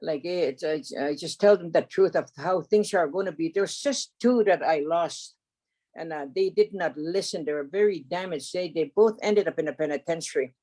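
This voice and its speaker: Older woman telling stories haltingly. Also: deep voice, dark tone. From Canada. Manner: halting, with many restarts, fillers and a tag "eh?". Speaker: elder storyteller. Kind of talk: unscripted spoken storytelling.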